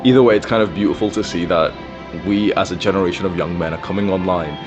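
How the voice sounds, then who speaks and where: A young man with a very low, deep voice talks straight at the listener, blunt and full of swearing. He fills his sentences with "like" and restarts as he gives casual self-improvement advice. Soft music sits faintly underneath. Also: quick pace. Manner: blunt and profane, with frequent fillers.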